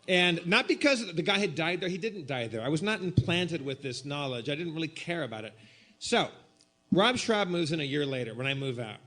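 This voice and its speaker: A man tells a comedic story at a live show, his voice a touch high. He talks in an animated way, breaking into loud bursts now and then. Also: brisk. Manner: animated, bursts into shouted re-enactments. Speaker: guest storyteller.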